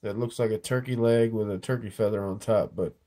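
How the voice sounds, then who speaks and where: A man's voice: on the low side, steady tone, fairly quick, dark tone. A man with a cold, showing off his finds in a laid-back, joking, slightly rambling way. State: has a cold, clearing throat. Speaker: metal detecting vlogger. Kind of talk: casual show-and-tell. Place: indoors in an office.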